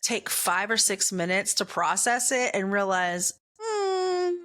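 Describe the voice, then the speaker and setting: Female podcast host, mid-pitched, relaxed pace, self-deprecating comic storyteller who laughs at herself. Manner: acts out other people's lines in quick put-on voices.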